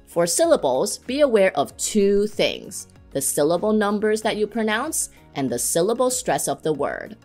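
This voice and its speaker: A woman giving scripted instruction on English pronunciation, saying example words slowly and clearly to model them. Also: medium pitch, very animated, a little mellow, faint music behind.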